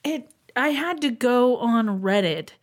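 A woman's voice: on the high side, animated, measured pace. A woman co-hosting a podcast, chatting casually and dropping wry, dry asides. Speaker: podcast co-host. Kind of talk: casual chat.

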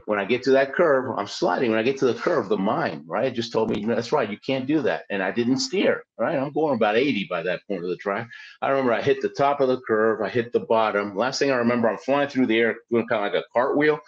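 A man, a former Olympic luge athlete, telling his story in a lively, conversational way, often checking in with his listeners. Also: lowish voice. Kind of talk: storytelling in an interview. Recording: dull lo-fi sound.

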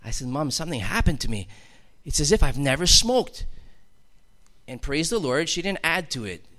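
A man's voice: fairly high pitch, expressive, normal speed, sharp tone. A man telling his personal testimony to a congregation in an emphatic, storytelling way that builds to fervent outbursts. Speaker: testimony speaker.

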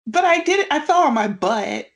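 A young woman co-hosting a podcast in casual chat, telling stories with lively acted-out quotes and frequent laughter. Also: high-pitched, normal speed. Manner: animated storyteller, acts out quotes, laughs often. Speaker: podcast co-host.

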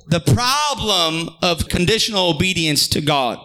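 A man preaching a sermon in his thirties, acting out prayers and family scenes, swinging between shouting and low drawn-out words. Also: animated. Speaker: pastor.

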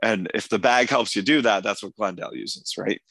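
A man with a hoarse voice hosting a podcast, chatting enthusiastically about an episode with many restarts. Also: on the low side, fairly quick, a bit bright, dry recording. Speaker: podcast host. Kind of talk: casual episode discussion.

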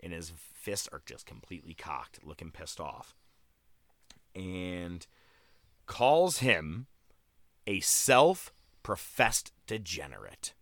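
A man hosting a casual talk show, telling animated, profane stories and quoting people as he goes. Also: sits low, slow pace, pauses often, no room sound, studio quality. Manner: profane, animated storytelling with quoted voices. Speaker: podcast host recapping wrestling. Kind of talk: casual chat.

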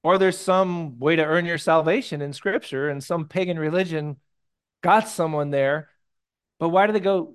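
Lively, joking male preacher. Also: on the high side, moderate pace, clean tone. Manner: conversational and animated, swinging between hushed asides and loud bursts; jokey, tells personal stories. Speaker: pastor. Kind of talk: sermon.

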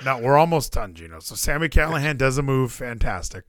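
A man in his thirties co-hosting a casual wrestling podcast, excitable and given to acting out commentators and wrestlers. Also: medium pitch, brisk, no room sound, clean studio sound. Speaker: podcast co-host.

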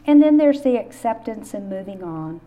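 A woman's voice: medium pitch, animated, moderate pace, mellow. A middle-aged woman hosting a faith-based podcast on grief, telling personal stories in an earnest way. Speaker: podcast host.

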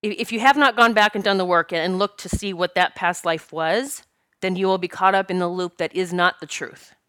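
A woman's voice: lowish voice, a little fast, sharp tone, smooth, no room sound, studio quality. A woman, a spiritual teacher and medium, telling a personal story earnestly and emotionally, often stopping and restarting her sentences.

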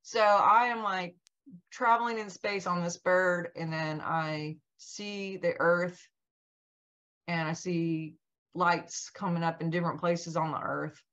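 A woman guest in an interview telling a personal story in a lively way, acting out what each person said. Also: on the low side, slow pace. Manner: animated, acts out quoted dialogue. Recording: dull lo-fi sound.

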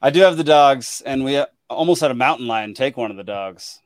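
A man's voice: medium pitch, expressive, a little fast, no echo, studio quality. A man hosting a casual late-night podcast, laughing often and trailing off with ums. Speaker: podcast host. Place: his home, alone with dogs.

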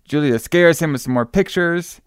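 A man's voice: a little high, normal speed, clear, resonant tone, dry recording, clean studio sound. A man casually recapping a movie plot, rambling with many fillers and restarts.

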